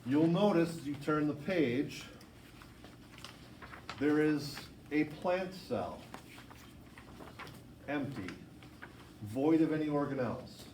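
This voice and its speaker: A man's voice: on the high side, lively intonation, darkish tone, a little hiss or hum. Man teaching biology in an echoey classroom. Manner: quick, informal, self-correcting. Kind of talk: classroom instruction. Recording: echoey classroom, far from mic.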